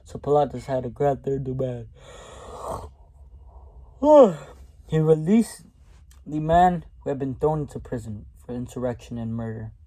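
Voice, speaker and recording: A man's voice: mid-range voice, moderate pace, warm tone. A man doing a casual devotional Bible reading, often breaking off to comment emphatically in a folksy way.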